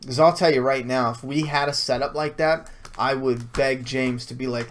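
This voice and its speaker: A man's voice: mid-range voice, fairly even intonation, normal speed, hardly any pauses, fairly bright tone, slight background noise. A man answering viewer questions in a casual stream, blunt and swearing freely, with frequent restarts. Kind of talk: casual Q&A livestream.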